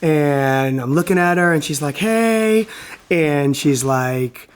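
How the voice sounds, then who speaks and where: A man on a podcast telling a personal story in a casual, animated way. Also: a little high, measured pace, clear, resonant tone.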